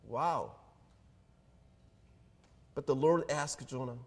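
A man preaching a sermon as pastor, earnest and deliberate, pausing between phrases. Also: on the high side, animated. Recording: long hall reverb.

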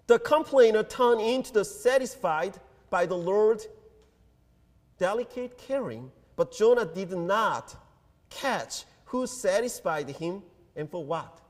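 A man preaching a sermon as pastor, earnest and deliberate, pausing between phrases. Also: high-pitched. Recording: long hall reverb.

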